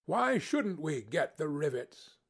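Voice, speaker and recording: A man voicing an excitable, bald, long-bearded middle-aged boiler-maker foreman in an audiobook. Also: a little high, slow pace, husky, heavily acted. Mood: reasonable. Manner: excitable exclaiming, then hushed. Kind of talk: audiobook character voice.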